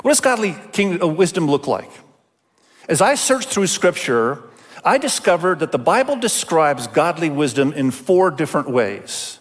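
Male pastor, chatty sermon delivery, a touch high-pitched, recorded with a lingering hall echo. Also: sing-song, moderate pace. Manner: conversational, addresses listeners directly. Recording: long hall reverb.

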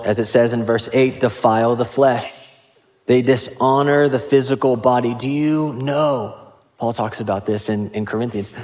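Male pastor, mid-pitched, relaxed conversational sermon delivery with casual asides.

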